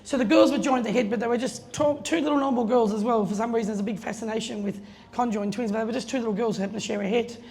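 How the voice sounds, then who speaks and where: Speaking at an opening held in an event space, a brisk middle-aged woman shares casual anecdotes, laughing and voicing the people in her story. Her pitch is fairly high with a darkish tone, and the hall adds long reverb and faint room noise.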